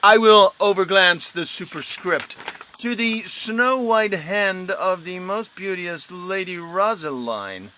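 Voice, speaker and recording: An actor playing a pedantic, wordy schoolmaster in a live-streamed Shakespeare reading, with pompous Latin-sprinkled flourishes. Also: male voice, sits high, animated, takes it slowly, pushed and bright, slight background noise, full character voice. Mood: fussy.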